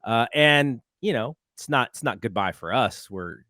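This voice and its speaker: A man's voice: medium pitch, lively intonation, normal speed, sharp tone, no echo, clean studio sound. A man hosting a casual podcast chat, friendly and appreciative as he asks his co-host questions.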